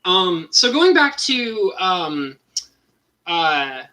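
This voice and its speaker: A young adult streamer talks loosely over a live painting session. The voice is bright and edged, swinging widely in pitch, and the talk wanders with restarts and fillers. It comes through a home computer mic. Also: big pitch swings, very slow, low-quality recording. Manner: rambling, with frequent restarts and fillers. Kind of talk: casual live-stream chat.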